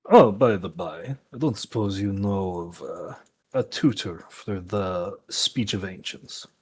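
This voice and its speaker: A man's voice: sits low, slow, a little mellow, breathy edge. A man playing a tabletop game, making dry, wry remarks in character. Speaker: player. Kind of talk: casual tabletop role-play.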